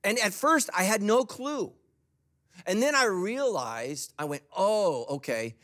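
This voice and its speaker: Animated pastor preaching. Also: male voice, high-pitched, slow. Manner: humorous, conversational, animated. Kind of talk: sermon.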